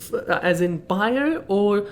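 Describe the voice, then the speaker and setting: A woman's voice: mid-range voice, lively intonation, takes it slowly. A young woman streaming a game, rambling and cracking self-amused jokes as she plays. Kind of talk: casual commentary while playing.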